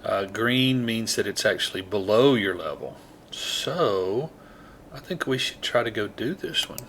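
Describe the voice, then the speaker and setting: A man's voice: lowish voice, animated, a little slow, fairly bright tone, a little hiss or hum. A man with a rural Southern American accent chatting casually and self-deprecatingly while he plays a game. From Southeast United States. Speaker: gaming video host.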